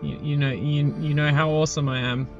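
A man's voice: on the high side, little pitch movement, brisk, highs cut off, faint music behind. A male game streamer giving casual, rambling commentary with stammered restarts and swearing.

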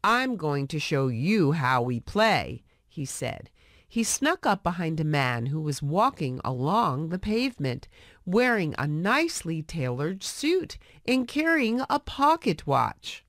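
Slow, expressive woman reading a story. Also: mid-range voice, no echo, studio quality. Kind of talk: scripted storybook narration for English learners.

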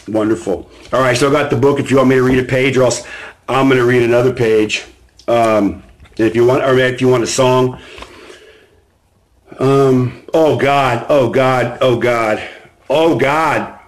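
A man hosting a live stream, reading from his own book and preaching self-understanding, swinging between low chatty asides and loud emphatic bursts. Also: poor audio. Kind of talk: motivational live stream talk. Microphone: phone or webcam on a live stream.

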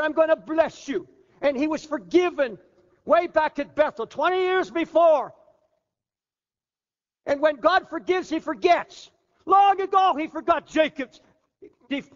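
An older man preaching a fervent sermon as pastor, sinking low and quiet at times, then rising again. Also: measured pace, long pauses. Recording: muffled hall recording with long reverb.

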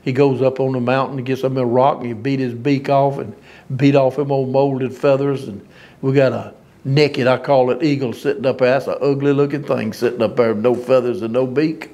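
A man's voice: medium pitch, fairly even intonation, fairly quick, warm tone, muffled recording. A man preaching an informal sermon, folksy and emphatic, often laughing at his own lines.

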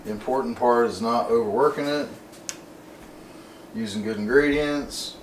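A man's voice: medium pitch, moderate pace, a little hiss or hum. Folksy man in a roomy kitchen. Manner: folksy, easygoing, rambling storyteller. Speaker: cooking show host. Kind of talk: casual cooking demonstration. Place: home kitchen. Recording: roomy kitchen, mic at a distance.

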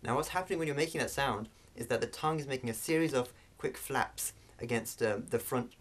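A man teaching a language lesson, explaining sounds slowly with frequent fillers and restarts. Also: mid-range voice.

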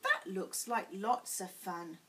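A woman voicing a shy, lonely little boy elephant calf for a storybook, speaking in a high, hopeful, timid voice. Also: slow, a bit bright.

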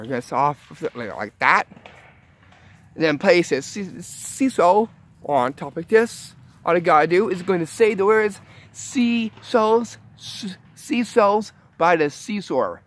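Slow, chatty man teaching magic tricks. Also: on the high side, a bit bright. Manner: chatty, halting, with fillers and restarts, upbeat reveals. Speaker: magic tutorial host. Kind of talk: casual how-to demonstration.

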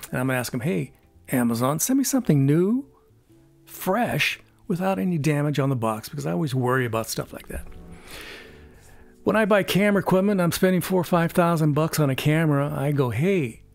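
A man in his seventies from California, rambling through a casual unboxing review at home, pausing often on fillers and chuckling. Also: a little high, dry recording. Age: 70s. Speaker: YouTube product reviewer.

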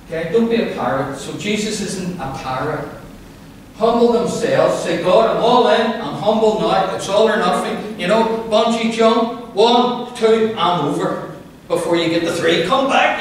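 A male pastor preaching a lively sermon, playful and calling on the congregation to answer back. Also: fairly high pitch, slight background noise. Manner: playful, with call-and-response to the congregation. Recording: very echoey hall, voice from far off.

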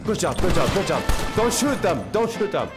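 A man live-streaming a video game, reacting loudly and chatting with his viewers in slangy, excitable bursts. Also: high voice, moderate pace, music in the background. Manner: excitable, loud outbursts, slangy, talks to chat. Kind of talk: casual live-stream commentary.

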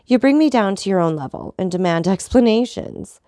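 A woman reading the part of a cold, proud nobleman, in a calm, measured and ironic manner. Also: mid-range voice, no echo, studio quality, natural voice. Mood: cool, disdainful. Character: cold, proud, unshakable male count.

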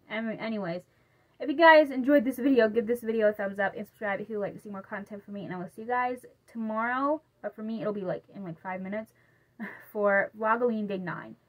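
A young woman vlogging in a casual, chatty way, reading a Halloween story aloud and stumbling over words now and then. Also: medium pitch.

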